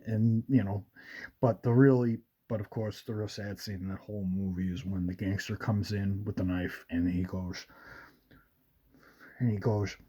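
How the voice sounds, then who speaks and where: Radio show guy, low husky voice, rambly, lots of ums and you-knows. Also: flat delivery, normal speed, mellow. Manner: rambling, with many fillers and quoted movie lines. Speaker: host. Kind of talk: casual radio show talk.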